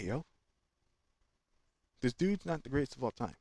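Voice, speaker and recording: A man's voice: medium pitch, unhurried, breathy edge, no echo. Opinionated man in casual fan talk. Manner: opinionated, animated, slangy. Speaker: channel host.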